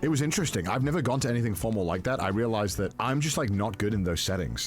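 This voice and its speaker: A man recounting a story in a loose, excitable way, full of fillers and self-mocking asides. His voice sits a little low but swings widely in pitch, with faint music underneath. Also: fast, few pauses. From Wales. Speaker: vlogger telling a story. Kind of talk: casual storytelling.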